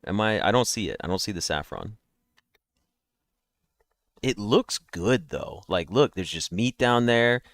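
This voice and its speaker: A man's voice: on the low side, lively intonation, measured pace, long pauses, a bit bright, no room sound. A man streaming daily guessing games, chatting and rambling nonstop to his viewers through a headset mic while yawning. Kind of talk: casual live-stream chat.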